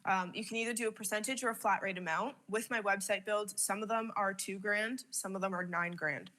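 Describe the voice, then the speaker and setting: A woman's voice: mid-range voice, fairly quick, sharp tone. A young woman from Canada chatting casually about her business, candid, swearing freely and laughing often. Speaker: business owner sharing advice. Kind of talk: casual chat.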